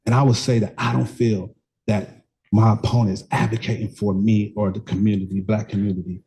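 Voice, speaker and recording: A man's voice: on the low side, flat delivery, brisk, gravelly, warm tone, slightly rough, low-quality recording. A young man speaking as a candidate at a community political meeting, passionate and emphatic, with repeated phrases and frequent fillers. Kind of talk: impassioned campaign speech, then answering questions.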